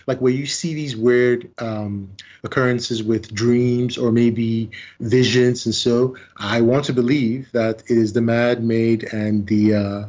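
Brief: male podcast co-host, mid-pitched, thoughtful and speculative, slightly dull lo-fi sound. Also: a little mellow. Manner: musing, speculative. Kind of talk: casual podcast discussion.

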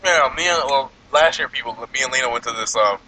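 A man's voice: medium pitch, fast, a little hiss or hum, rough recording. A man hosting a podcast in casual chat, telling stories with lots of laughs while eating. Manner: animated storytelling, laughs a lot. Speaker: podcast host.

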